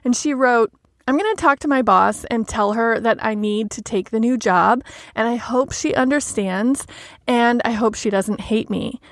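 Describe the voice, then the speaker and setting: A woman hosting a solo coaching podcast, talking in a gentle, measured, reflective way. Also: a little high, no echo, clean studio sound. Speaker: life coach podcast host.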